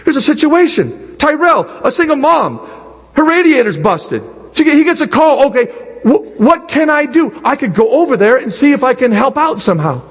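An older man preaching a sermon, animated, swinging from low quiet asides to high excited bursts. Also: moderate pace, long reverb tail. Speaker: pastor.

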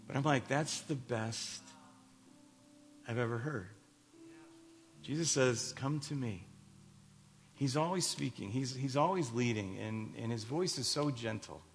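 A man in his fifties from Chicago, a pastor telling stories in a sermon, rambling with many restarts and light jokes to the congregation. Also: medium pitch. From Chicago, USA. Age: 50s. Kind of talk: sermon storytelling. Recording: echoey hall reverb.

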